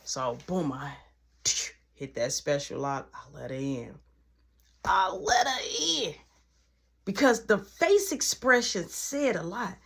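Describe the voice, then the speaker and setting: A woman with a low, husky voice tells a casual story to camera. She is animated and acts out each exchange as she goes. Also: measured pace. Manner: animated, acts out every line of dialogue.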